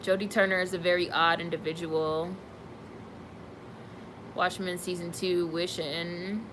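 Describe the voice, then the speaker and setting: A woman's voice: lowish voice, level tone, measured pace, noisy background. A young woman streaming live, reading viewer comments and reacting with candid, sassy asides. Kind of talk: casual live-stream chat.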